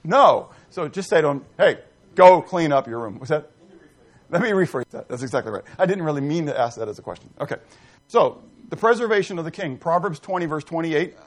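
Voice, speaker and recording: A man's voice: fairly high pitch, very animated, brisk. A middle-aged man preaching a sermon, reading scripture and putting questions to the congregation with emphasis. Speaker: pastor.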